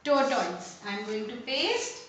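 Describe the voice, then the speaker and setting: A woman teacher, giving a lesson to young children, slowly repeating each word and asking questions aloud. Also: on the high side, sing-song, a bit bright. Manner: slow, repeats words and asks questions aloud. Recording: very echoey room with faint noise.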